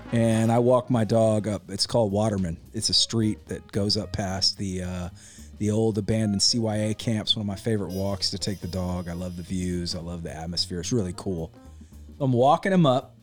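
A man hosting a podcast, telling a story in a laid-back, slangy way with lively energy. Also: lowish voice, moderate pace, faint music behind. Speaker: podcast host. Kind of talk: casual storytelling.

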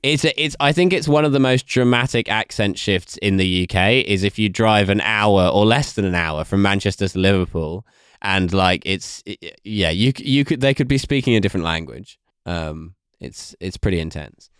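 A man's voice: on the low side, moderate pace, a bit bright, clear, resonant tone, no echo, clean studio sound. A man with an English accent co-hosting a comedy podcast, talking in rambling, self-interrupting bursts and laughing often. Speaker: podcast co-host. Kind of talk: casual comedic chat.

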